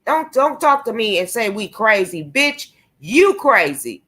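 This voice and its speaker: A young woman delivers a slow, deliberate rant straight to her viewers. Her voice is bright and sharp as she curses, taunts and calls someone out. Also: a little high, very animated. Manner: confrontational, profane, taunting. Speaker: vlogger. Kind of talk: angry profane rant to camera.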